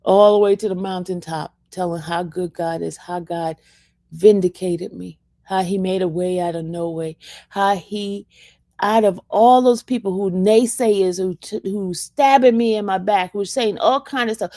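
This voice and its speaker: A woman's voice: mid-range voice, fairly even intonation, unhurried, mellow, no echo, clean studio sound. A woman giving a casual, fervent testimony to her viewers, emphatic and repeating her phrases for emphasis. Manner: fervent, praising. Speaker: vlogger sharing a faith testimony.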